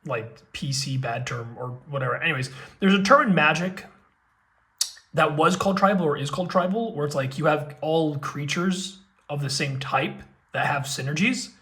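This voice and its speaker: A man hosting a casual card-game unboxing, excitable and gushing, with frequent exclamations. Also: fairly high pitch, normal speed.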